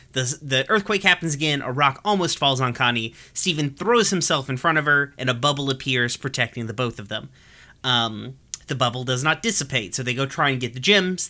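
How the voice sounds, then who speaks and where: Bright, chatty podcast host with frequent laughter. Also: medium pitch. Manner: animated, swears freely, laughs often; chatty with many fillers and restarts. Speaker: podcast host recapping an episode. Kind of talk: casual chat.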